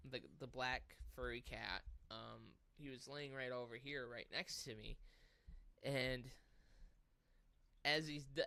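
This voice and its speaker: A man co-hosting a casual gaming podcast, telling stories in an animated, profane way. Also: mid-range voice, gravelly. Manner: animated storytelling with swearing and laughs. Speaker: podcast co-host.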